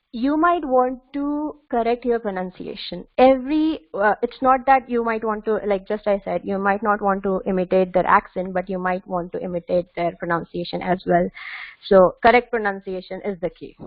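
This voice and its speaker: A woman's voice: medium pitch, no room sound. A woman giving tips in an online webinar, hesitant with many fillers and restarts. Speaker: webinar presenter. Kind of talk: instructional webinar talk. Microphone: video call. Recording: tinny phone-like call audio.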